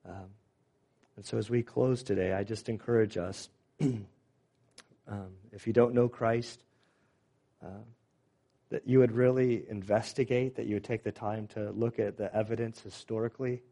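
A man's voice: fairly low pitch, fairly even intonation, normal speed, vocal fry, pauses often, dark tone. A man preaching a sermon and leading a closing prayer, earnest and plain-spoken, with frequent fillers and repeated words. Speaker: pastor.

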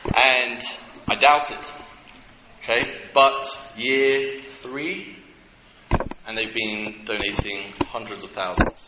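A man preaching a sermon, animated and humorous, with asides to the congregation. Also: mid-range voice, takes it slowly. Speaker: pastor. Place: church hall. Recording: echoey hall with dull lo-fi sound and clear noise.

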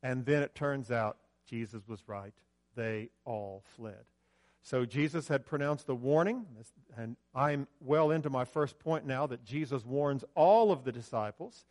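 A man preaching a sermon in a church, conversational, alternating loud emphasis with quiet asides and giving cues to the slide operator. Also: mid-range voice, a little slow. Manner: directs the slide operator mid-talk. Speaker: pastor. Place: church sanctuary with a screen.

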